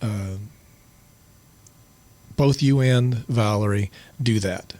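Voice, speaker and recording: An older man, a guest on a podcast, telling stories in reflective, pausing casual talk. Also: on the low side, dark tone. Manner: reflective storytelling, many pauses. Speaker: podcast guest, host's father.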